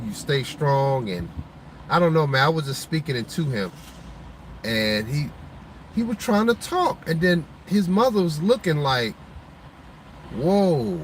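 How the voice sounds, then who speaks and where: A man's voice: on the high side, slight background noise, low-quality recording. A man and host of his show telling his audience a heartfelt personal story, with many restarts.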